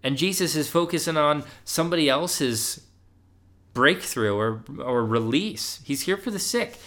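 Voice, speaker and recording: A man's voice: a little high, expressive, a little slow, a bit bright. Young man preaching on a podcast, casual and conversational, gets emphatic when urging. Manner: conversational, often asks "right?", rises emphatically when urging.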